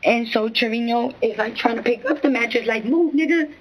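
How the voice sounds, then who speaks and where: Under questioning as a witness, a woman gives a meandering, profane account, constantly restarting and saying "you know what I'm saying." Her voice is slightly high and flat, fairly quick, caught on a low-quality recording with a bit of hiss or hum.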